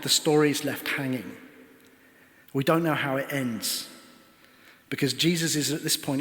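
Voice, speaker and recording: A man's voice: medium pitch, a bit bright. A man preaching a sermon, retelling a parable earnestly and asking rhetorical questions. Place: church. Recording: church hall reverb.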